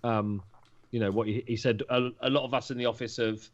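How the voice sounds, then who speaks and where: A man's voice: mid-range voice, fairly even intonation, a little fast. A man who is a podcast guest, chatting casually and explaining his views at length. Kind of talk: casual chat. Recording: dull lo-fi mic.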